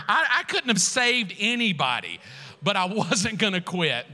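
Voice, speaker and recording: A man pastor preaching a sermon, telling a story with lively acted-out quotes before turning quiet and earnest. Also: very high voice, normal speed. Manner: animated storytelling, acting out quotes, laughing, then quiet and earnest. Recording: long hall reverb.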